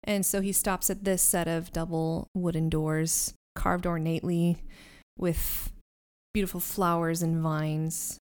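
A woman's voice: lowish voice, level tone, unhurried, a little mellow, smooth. A woman narrating a tabletop role-playing game as game master, describing scenes and laughing often.

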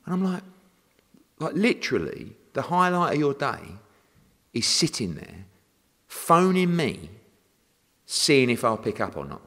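A man, a boxing promoter talking in a casual interview, animated and swearing freely as he rants. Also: mid-range voice, measured pace, long pauses. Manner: animated, swearing, ranting with acted-out exchanges. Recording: long reverb.

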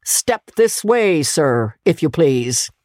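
A woman doing a gruff old miser. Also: sits low, sing-song, takes it slowly, darkish tone, no echo, clean studio sound, heavily acted. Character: old male miser, gruff then joyful.

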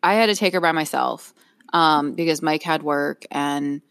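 A woman's voice: deep voice, normal speed, vocal fry, a bit bright, clean tone, no room sound, studio quality. A middle-aged woman co-hosting a podcast, telling a story in casual chat, laughing often and acting out what others said. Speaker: podcast co-host.

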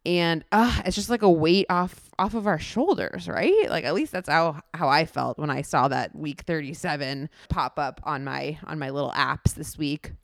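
A woman's voice: sits low, animated, moderate pace, creaky, few pauses, dry recording, clean studio sound. Candid chatty woman podcast host. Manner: candid, chatty, laughs often, many "like" fillers. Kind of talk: casual podcast chat.

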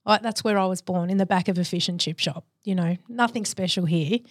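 A woman's voice: lowish voice, no echo, studio quality. Candid woman telling her story. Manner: candid, reflective, measured. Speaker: guest. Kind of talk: podcast interview storytelling.

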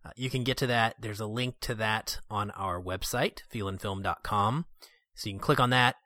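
Low-voiced guy hosting a film podcast, upbeat, plugging stuff, dry room. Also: moderate pace, bright, forceful tone, no room sound. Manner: upbeat, plugs the show eagerly. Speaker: podcast host. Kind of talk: casual film podcast chat.

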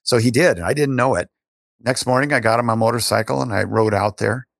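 An older man telling his story as an interview guest, animated, with frequent restarts. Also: medium pitch, a little fast, creaky, dry recording, clean studio sound.

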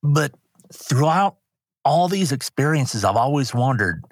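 A man's voice: medium pitch, sing-song, unhurried, no echo, studio quality. An older man, a rodeo announcer, earnestly telling personal stories in an interview with many restarts. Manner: earnest, rambling anecdotes with restarts.

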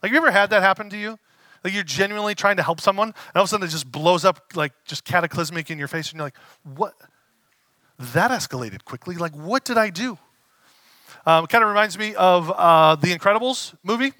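Bright-voiced pastor preaching casually. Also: male voice, sits high, fast, no echo. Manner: casual and animated, acts out quoted voices. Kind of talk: conversational sermon.

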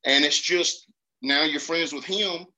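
A man from Georgia with a Southern accent, telling hunting stories in an earnest, animated way in casual conversation. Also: a little high, unhurried. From Georgia, USA. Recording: dull lo-fi sound.

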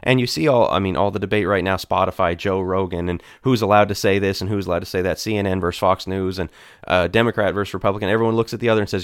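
A man's voice: lowish voice, fast, no room sound, clean studio sound. A man on a church discussion panel, explaining Bible passages earnestly, with frequent restarts.

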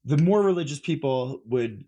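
A man's voice: medium pitch, animated, normal speed, mellow. A musician, a man, chatting as an interview guest, rambling with lots of fillers and restarts. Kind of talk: casual interview chat.

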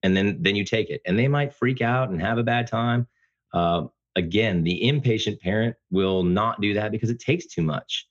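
A man talking casually as a podcast guest, speaking loudly and passionately with animated storytelling. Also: normal speed, muffled recording. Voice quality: loud booming voice. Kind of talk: casual conversation.

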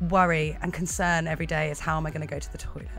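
A woman's voice: low voice, flat delivery, very fast, creaky, fairly bright tone, faint music behind. A young woman with an English accent, a bubbly actress guest on a radio interview who laughs easily. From England.

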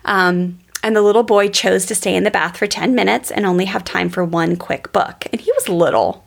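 A woman hosts a podcast in a chatty, upbeat way and keeps calling out to "you guys." Her medium-pitched voice carries a steady vocal fry. Her delivery is loose and conversational. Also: moderate pace. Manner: enthusiastic, chatty, addresses listeners as "you guys". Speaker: podcast host and parenting coach. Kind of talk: casual podcast talk.

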